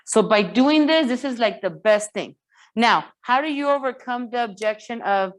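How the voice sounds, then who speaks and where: High-voiced woman coaching real estate agents. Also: normal speed. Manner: energetic, repeats words, asks the room for checks. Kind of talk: sales training talk.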